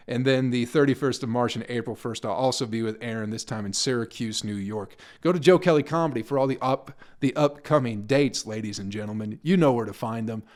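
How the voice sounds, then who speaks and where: Profane rambling male comedian. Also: mid-range voice. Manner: profane, laughs at his own stories. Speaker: comedian and podcast host. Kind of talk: casual rambling monologue.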